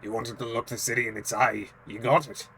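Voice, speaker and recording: A woman voicing a gruff old male sea captain who drives a bus, with salty sailor talk full of yars and fish names. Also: rumbling low, steady tone, brisk, fairly bright tone, slight background noise, pitched below the performer's own voice.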